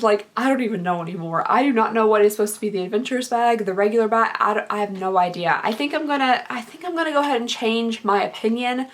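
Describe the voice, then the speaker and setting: A young woman with a Kentucky accent talks through a beauty unboxing in a casual, bubbly way. Her voice sits a touch high, and she rambles happily, full of fillers like "okie dokie.". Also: fairly bright tone. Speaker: beauty vlogger.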